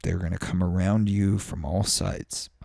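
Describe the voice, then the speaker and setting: A man's voice: low voice, level tone, unhurried, gravelly, dark tone, no echo, clean studio sound. A man hosting a show alone, rambling through crude, self-mocking metaphors and swearing freely. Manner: profane, self-mocking, loose with extended metaphors. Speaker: podcast host. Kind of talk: solo rambling monologue. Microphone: studio microphone.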